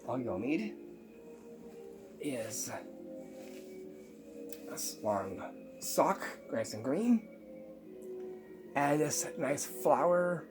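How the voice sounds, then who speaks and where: A man explaining how a magic prank is made, step by step, pausing often with ums. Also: medium pitch, big pitch swings, over music. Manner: unhurried, halting with many ums, explaining step by step. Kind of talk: magic trick tutorial.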